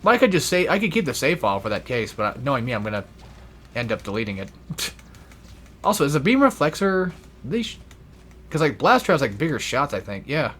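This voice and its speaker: A man's voice: medium pitch, big pitch swings, brisk, pauses often, fairly bright tone, breathy edge. A young man giving casual gameplay commentary, rambling and swearing freely with self-deprecating asides. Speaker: let's play gamer.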